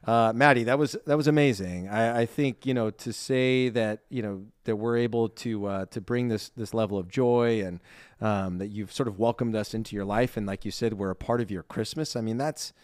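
A man's voice: lowish voice, normal speed, smooth, dry recording, studio quality. A man co-hosting a podcast in casual chat, speaking earnestly and with heartfelt feeling. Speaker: podcast co-host.

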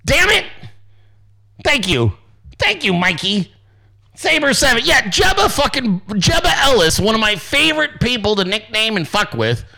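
A man hosting a podcast, ranting in a casual, sarcastic and profane way with loud outbursts. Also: high-pitched, big pitch swings, normal speed, gravelly. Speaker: podcast host.

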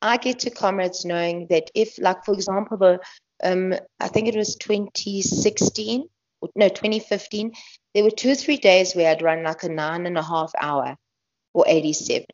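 A woman's voice: on the low side, steady tone, normal speed, darkish tone. A woman being interviewed about her running, chatty, laughing often and restarting her sentences. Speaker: guest ultramarathon runner. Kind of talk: casual interview talk. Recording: dull lo-fi podcast audio.

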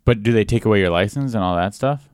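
Deep smooth-voiced male host. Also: fast talker, a little mellow, no room sound, clean studio sound. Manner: short encouraging interjections and follow-up questions. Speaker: podcast host. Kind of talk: casual interview chat.

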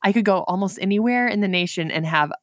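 A woman's voice: mid-range voice, fast talker, fairly bright tone, dry recording, clean studio sound. A woman from northern Michigan with a northern Michigan accent, a guest chatting casually on a podcast and laughing often. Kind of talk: casual interview chat.

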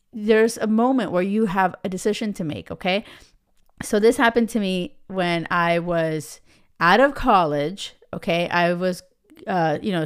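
Chatty woman with a smooth voice. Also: mid-range voice. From United States. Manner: chatty, with many fillers like "right?" and "you know". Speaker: podcast host. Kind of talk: personal storytelling monologue.

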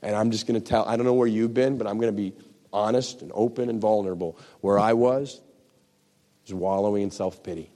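A man's voice: on the low side, steady tone, a little fast, warm tone. A man preaching a sermon with impassioned, emphatic declarations. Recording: long hall reverb.

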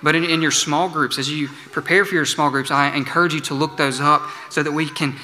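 A man preaching a sermon as pastor, earnest, slowing for emphatic pleas. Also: on the high side, steady tone, bright, forceful tone. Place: church sanctuary. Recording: church sanctuary with long reverb.

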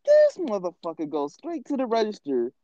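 A man spinning a casual story in loose slang, laughing along as he talks. His voice sits a bit high and comes through dull and dry, as if close to a cheap mic in a small room. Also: huge pitch swings, normal speed, warm tone, no room sound. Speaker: podcast co-host.

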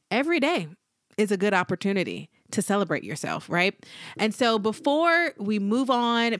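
A woman hosting a solo motivational podcast, talking in an encouraging way and slowing down to stress her points. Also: mid-range voice, a bit bright, no room sound, clean studio sound. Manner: encouraging, slows down for emphasis. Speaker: podcast host.

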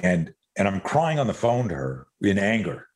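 Deep-voiced man telling rambling stories. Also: sing-song, moderate pace. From Canada. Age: middle-aged. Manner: rambling storyteller, swears casually, jumps between tangents. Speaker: guest. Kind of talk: casual podcast conversation.

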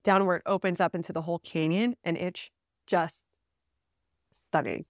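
A woman guest on a podcast, telling a trip story in a casual, animated way with fillers and bursts of laughter. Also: on the low side, normal speed, no echo, clean studio sound. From Southern California.

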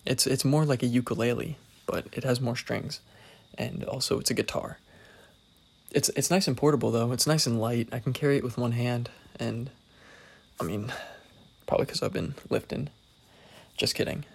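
A man's voice: medium pitch, fairly even intonation, normal speed, creaky, pauses often, husky. A young man hosting his own podcast solo, talking casually in a rambling, self-deprecating, wry way.

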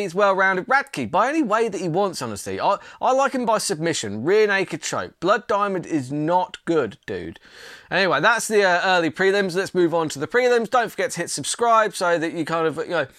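A man's voice: high voice, bright, forceful tone, no room sound, clean studio sound. A young man hosting a casual, blunt and opinionated fight card preview. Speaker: MMA channel host.

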